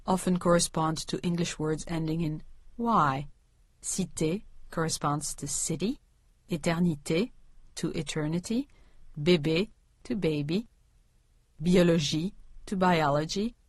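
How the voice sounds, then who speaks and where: Low, measured woman narrating a lesson. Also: no echo. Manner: measured, clear enunciation, slows to pronounce French words. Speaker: language course narrator. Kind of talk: scripted narration.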